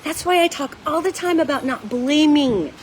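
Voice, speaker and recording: Woman monologue host with a high voice: blunt, folksy, urgent, and addressing the audience directly. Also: animated, moderate pace, slight background noise, poor audio. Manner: emphatic, urgent, talks straight to viewers as "guys"; folksy and blunt, casual swearing. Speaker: psychic commentator and show host.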